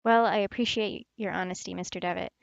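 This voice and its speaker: A woman's voice: mid-range voice, fairly even intonation, a little fast, vocal fry, no echo, highs cut off, lightly acted. A woman reading the lines of a stern, dismissive mother superior who runs a nursing home.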